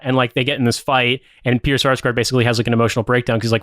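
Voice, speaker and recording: A man with a smooth, clear voice talks through a story in a loose, rambling way, swearing freely and leaning on filler words. His pitch sits in an ordinary middle range, and the sound is close and dry, with no room around it. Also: fairly even intonation, racing, few pauses, fairly bright tone, no echo. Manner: rambling, profane, many fillers. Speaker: podcast co-host. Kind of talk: casual plot recap.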